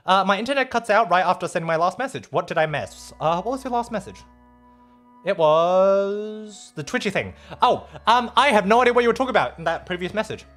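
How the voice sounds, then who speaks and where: A man's voice: high voice, a bit bright. A man with an Australian accent streaming, chatting casually and playfully as he reads out viewer messages, rambling and swearing now and then.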